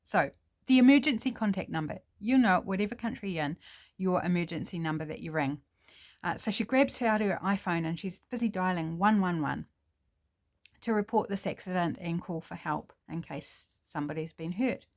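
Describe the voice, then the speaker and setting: A woman's voice: fairly low pitch, moderate pace, a little mellow. A woman with a New Zealand accent casually improvising a story, chatty with fillers and self-corrections.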